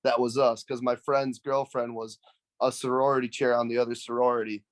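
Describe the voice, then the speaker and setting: A man's voice: mid-range voice, flat delivery, fairly quick, no room sound. A young adult man, a podcast guest, telling a story casually in a rambling way with many fillers.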